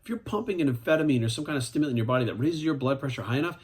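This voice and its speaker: A man's voice: mid-range voice, lively intonation, rapid-fire, darkish tone. Forties male coach, blunt and profane, hammers his points home. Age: 40s. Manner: profane, emphatic, repeats "right?". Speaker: fitness coach. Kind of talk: blunt vlog rant.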